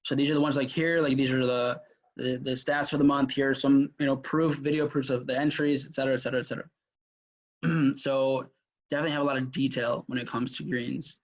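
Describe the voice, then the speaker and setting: Chatty man teaching, dull lo-fi audio. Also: medium pitch. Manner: chatty, filler-heavy, with frequent restarts. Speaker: mentor teaching a sales workshop. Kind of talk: casual live workshop lecture.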